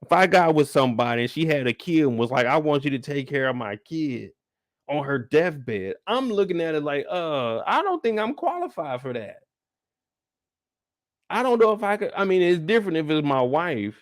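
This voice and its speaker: A man's voice: fairly high pitch, animated, brisk, dry recording, studio quality. A young man hosting a live after-show discussion, telling loose, profane, rambling stories. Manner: loose, profane, storytelling riffs. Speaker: show host.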